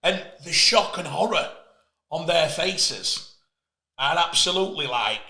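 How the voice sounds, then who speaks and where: A man's voice: fairly high pitch, a little slow. Passionate man, echoey room. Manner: passionate, animated storyteller. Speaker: host, player agent. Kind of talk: casual interview chat.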